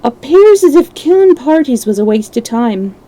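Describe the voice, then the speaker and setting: A woman reading aloud and voicing a wounded, scheming old male pirate in rough sailor dialect. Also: high voice, big pitch swings, normal speed, mellow, voice pushed up, poor audio. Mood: sly, wheedling.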